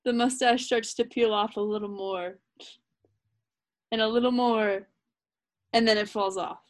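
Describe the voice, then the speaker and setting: A woman's voice: a little high, fairly even intonation, measured pace. A woman co-hosting a comedy podcast, narrating an improv sketch with frequent laughter.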